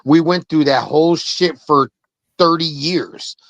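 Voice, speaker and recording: A man's voice: fairly high pitch, unhurried, a bit bright, no echo. A man co-hosting a podcast in casual chat, blunt and dismissive. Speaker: podcast co-host.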